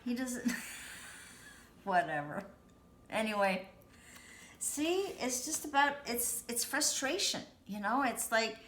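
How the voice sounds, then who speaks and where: Slow-talking woman giving a tarot reading. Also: a little high, lively intonation, a bit bright. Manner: chatty and reassuring, filled with "you know" and "you guys". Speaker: tarot reader. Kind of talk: casual tarot reading to viewers. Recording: echoey room.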